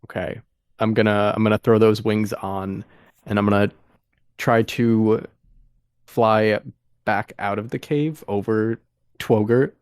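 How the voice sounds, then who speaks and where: A man playing a tabletop game, talking hesitantly with many pauses and restarts. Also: on the low side, fairly even intonation, a little mellow, smooth, no echo, studio quality. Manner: hesitant, full of ums and restarts. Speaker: player.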